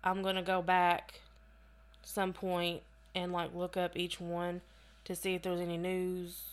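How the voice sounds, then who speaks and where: A woman's voice: lowish voice, completely flat delivery, unhurried, clear, resonant tone. A woman co-hosting a casual podcast, reading case notes aloud and breaking off into chatty asides. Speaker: podcast co-host.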